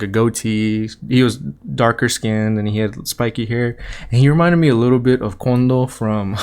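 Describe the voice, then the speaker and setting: A man's voice: on the low side, darkish tone, smooth. A man hosting an anime review podcast, casually retelling an episode in a loose, rambling way with the odd light chuckle.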